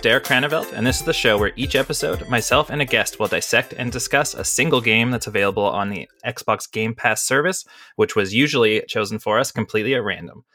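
A man's voice: mid-range voice, bright, forceful tone, dry recording, studio quality. A man hosting a podcast, chatting casually and rambling with lots of fillers and laughs. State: has the hiccups. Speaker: podcast host. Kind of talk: casual chat.

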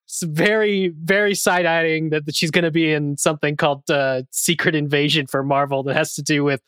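A man's voice: a little high, steady tone, brisk, fairly bright tone, smooth, no room sound. A man co-hosting a podcast in casual chat, making dry, wry quips. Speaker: podcast co-host.

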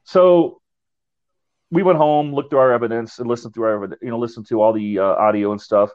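A man of middle pitch tells a ghost-hunting story in a loose, rambling way. He often trips over his words and starts again. The audio sounds dull and lo-fi. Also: a little fast. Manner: rambling, repeats and restarts words. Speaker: paranormal investigator. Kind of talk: casual storytelling.

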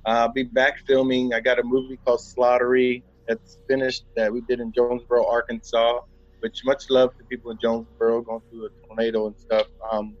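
A man's voice: medium pitch, flat delivery, fairly quick, dry recording. A man chatting as a guest on a podcast in a loose, rambling way, dull lo-fi recording. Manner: rambling, laid-back, full of fillers and "man". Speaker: podcast guest, actor and author. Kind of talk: casual interview chat.

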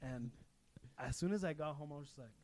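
Young guy on a podcast, highish voice, laughing thru a story, swears a lot. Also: a little fast. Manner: animated storyteller, laughs often, swears freely. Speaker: podcast co-host. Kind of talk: casual chat, telling a story.

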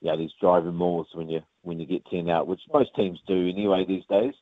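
A man's voice: low voice, fairly even intonation, brisk, no room sound. A man with a New Zealand accent, a rugby player chatting casually in an interview, rambling with lots of fillers and calling the host mate. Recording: phone-line audio.

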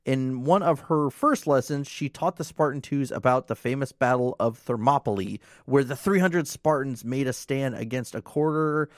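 A man's voice: medium pitch, moderate pace, few pauses, dry recording, studio quality. A man co-hosting a casual podcast, reading facts from his notes with offhand asides. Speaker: podcast co-host.

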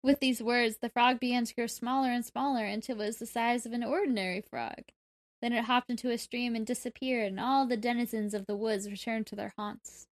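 Woman reading an old folk tale aloud, playful, bit higher voice. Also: steady tone, a little fast. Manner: playful, laughs often at her co-host. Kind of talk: storytelling read-aloud with joking asides.

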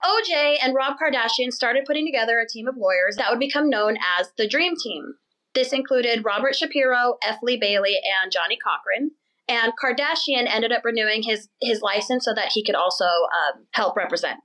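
A young woman hosting a podcast, telling a story in an animated, chatty way and laughing as she goes. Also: fairly high pitch, low-quality recording. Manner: chatty, animated, laughs while telling, does quick mocking voices for people in the story. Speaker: podcast host. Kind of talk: casual storytelling chat.

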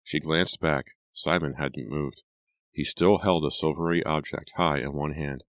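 Very deep-voiced male audiobook narrator. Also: fairly even intonation, measured pace, fairly bright tone, no echo, studio quality. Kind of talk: scripted horror narration.

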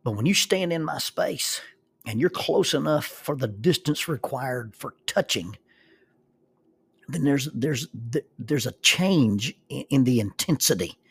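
Man, gravelly voice, husky, animated storyteller, mid pitch. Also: measured pace. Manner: animated, acts out the people in his story. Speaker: speaker telling a life lesson. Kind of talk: spoken storytelling.

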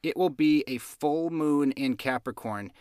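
A man's voice: on the high side, a little mellow, clear, resonant tone, no echo, clean studio sound. Giggly man hosting a podcast. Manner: giggly, self-amused, unhurried. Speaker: podcast host. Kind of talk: casual astrology podcast chat.

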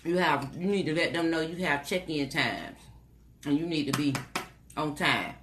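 A woman co-hosting a casual talk show teases her partner and laughs often in casual chat. She speaks at normal speed in a low voice, with background noise present.

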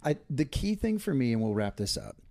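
A man's voice: medium pitch, big pitch swings, brisk, warm tone, no room sound, studio quality. A man co-hosting a casual couple's podcast, talking earnestly and reflectively, often restarting his sentences. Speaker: podcast co-host.

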